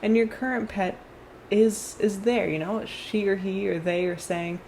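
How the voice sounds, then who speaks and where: A woman's voice: mid-range voice, fairly even intonation, a little slow, a little mellow, slight background noise. Chatty woman giving a tarot reading. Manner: chatty, rambling, with frequent fillers and restarts. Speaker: tarot card reader. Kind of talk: casual tarot reading vlog.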